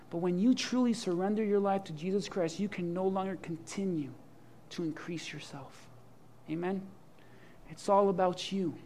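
A man preaching a sermon with humor and imagined dialogue, swinging from loud to hushed. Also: high voice, slight background noise. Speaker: pastor.

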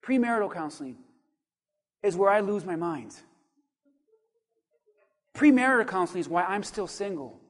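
A pastor preaching a sermon, swinging from quiet asides to loud, animated calls and acting out what people say. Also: male voice, high-pitched, normal speed, long pauses.

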